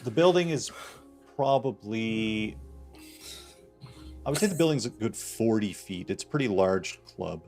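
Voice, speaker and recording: A man's voice: on the low side, animated, measured pace, long pauses, darkish tone, soft background music. A man running a tabletop game as game master, narrating loosely with many fillers and laughs.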